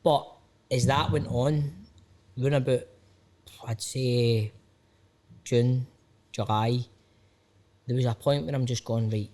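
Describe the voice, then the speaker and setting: A man's voice: medium pitch, fairly even intonation, takes it slowly, long pauses, darkish tone. A Scottish man in his thirties, an actor talking openly on a podcast, rambling and self-questioning, peppered with "aye" and "man". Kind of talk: candid casual conversation.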